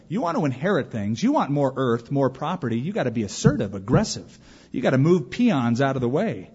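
A man's voice: mid-range voice, brisk, husky. A man preaching a sermon, telling stories with energy and acting out the voices in them. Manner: animated storyteller who acts out quoted voices. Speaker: pastor. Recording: dull recording with long hall reverb.

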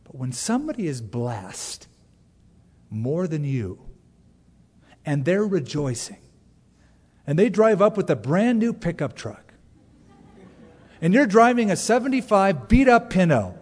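A middle-aged man preaching a sermon as pastor, talking conversationally with sudden loud asides. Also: sits high, very animated, measured pace, pauses often, breathy edge. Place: church sanctuary. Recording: long hall reverb from a church.

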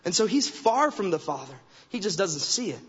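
A man's voice: sits high, sing-song, normal speed, fairly bright tone. A man delivering a sermon as a guest preacher, emphatic and repeating phrases for stress. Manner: emphatic, acts out quoted remarks in character voices. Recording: dull recording with long hall reverb.

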